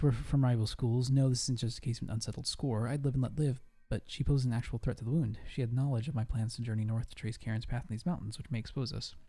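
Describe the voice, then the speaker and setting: A man reading out the lines of a grave male leader of a hidden refuge in a video game, in a measured, formal way. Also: medium pitch, vocal fry, dark tone. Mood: plotting. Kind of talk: reading game dialogue aloud.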